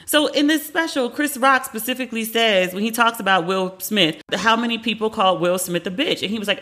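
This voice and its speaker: A woman's voice: a little high, animated, normal speed, sharp tone. A woman in her forties hosting a casual pop-culture talk show, chatty and candid, swearing freely and acting out the people she quotes. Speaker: podcast host.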